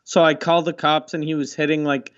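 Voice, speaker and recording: A man's voice: fairly high pitch, level tone, brisk, fairly bright tone, smooth, highs cut off. A man co-hosting a comedy podcast, telling profane, laid-back stories in casual chat. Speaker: podcast co-host.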